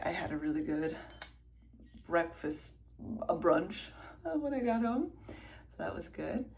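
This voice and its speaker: A woman in her thirties talks to the camera in a loose, chatty way, circling back and fixing her own words. Her voice sits low for a woman. A faint hiss of noise runs under the recording. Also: vocal fry, darkish tone. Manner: chatty, rambling, self-correcting. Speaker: vlogger. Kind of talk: casual vlog chat. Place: home indoors, then outdoors at a race.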